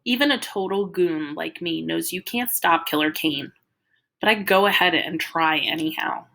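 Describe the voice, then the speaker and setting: A woman reading a novel aloud to her listeners. Her reading is dramatic, and at tense moments she drops into a hushed whisper. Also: lowish voice, normal speed, vocal fry. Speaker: reader.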